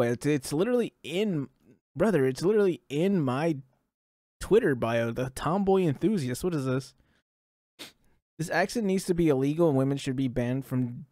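A young man streaming reactions, talking in an excitable, rambling way and laughing between thoughts. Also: fairly high pitch, dry recording, studio quality. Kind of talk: casual reaction commentary.

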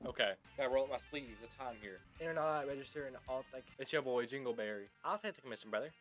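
A man's voice: medium pitch, quick pace, a bit bright, faint music behind. A young man casually commenting on a video game as he plays, goofy and rambling, calling people brother. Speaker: gaming YouTuber.

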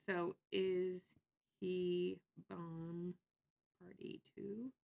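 A woman chatting on a casual livestream, sarcastic and quick to laugh as she reacts to viewers. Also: fairly low pitch, gravelly, a bit bright, muffled recording.

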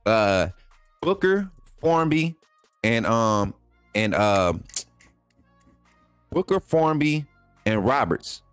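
A man's voice: medium pitch, big pitch swings, drawn-out words, pauses often, smooth, no echo, faint music behind. A man, hosting a live sports stream in a chatty way, repeating himself and talking straight to his viewers. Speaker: sports channel host.

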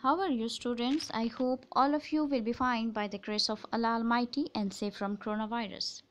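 A woman's voice: fairly high pitch, steady tone, fairly quick, muffled recording. A woman teacher giving an online English lesson, patiently reading a story aloud and explaining it, repeating points for her students.

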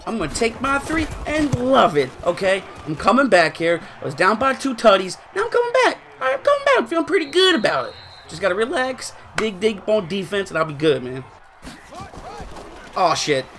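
Young male streamer, high lively voice, mutters then yells during play. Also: moderate pace, slight background noise. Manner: swings between mutters and loud shouting. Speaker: gaming streamer. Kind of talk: excited live gameplay commentary.

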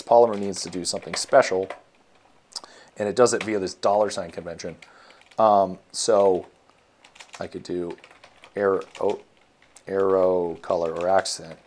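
A man's voice: low-pitched, fairly even intonation, normal speed, vocal fry, darkish tone. A man walking through his code in a casual screencast, thinking aloud with many ums and self-corrections. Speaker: web developer teaching. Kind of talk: casual screencast coding walkthrough.

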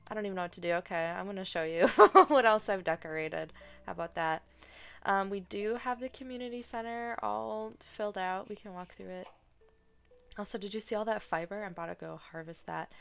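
A woman's voice: medium pitch, clean tone. Chatty woman playing a farming game. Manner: chatty, excitable, dramatic groans. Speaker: gaming streamer. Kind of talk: casual gameplay commentary. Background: soft game music.

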